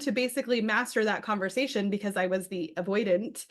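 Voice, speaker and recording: A woman's voice: medium pitch, quick pace, hardly any pauses. A woman guest in a casual conversation, speaking in an earnest, reflective way about her own experience.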